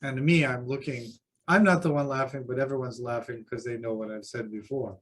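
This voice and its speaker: A man's voice: mid-range voice, steady tone, fairly quick, fairly bright tone. A man who teaches Buddhism, sharing anecdotes with self-deprecating humor in a group discussion at a seminar.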